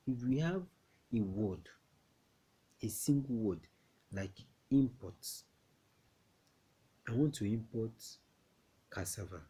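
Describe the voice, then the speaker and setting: A man from Nigeria teaching a classroom English lesson, slow and repetitive, often checking that students understand. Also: fairly low pitch, warm tone, slightly rough.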